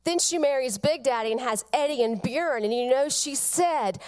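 A middle-aged woman giving a funeral eulogy, telling family stories tenderly with soft pauses. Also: high-pitched, clear, resonant tone. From Georgia, United States.

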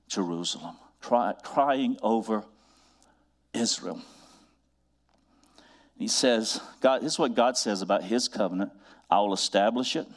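A man preaching a sermon, building to emphatic repeated refrains and drawing out scripture quotes slowly. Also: lowish voice. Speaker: pastor.

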